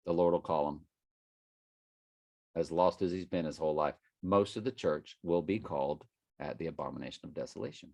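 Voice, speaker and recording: A man's voice: low voice, a little mellow, dry recording. A middle-aged man, rambling through a prophecy monologue as an online preacher and jumping between numbers and scripture.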